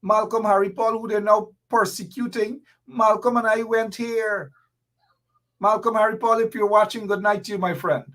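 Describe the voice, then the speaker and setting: A man's voice: high voice, steady tone, normal speed, fairly bright tone. A man hosting a live political stream, fiery and repetitive as he reads out viewer comments. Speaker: host.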